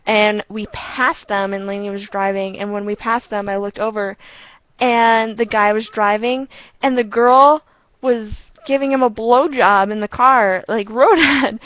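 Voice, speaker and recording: A young woman casually telling rambling, excitable stories to a friend over a headset, often breaking into laughter. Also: mid-range voice, no echo, dull audio. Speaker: storyteller chatting with a friend. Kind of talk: casual storytelling chat. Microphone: earpiece headset.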